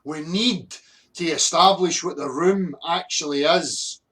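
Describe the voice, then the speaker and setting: A Scottish man hosts a live stream, ranting angrily and bluntly, swearing heavily while greeting viewers from the chat. His voice sits on the high side with a fairly bright tone, and he speaks at an unhurried pace.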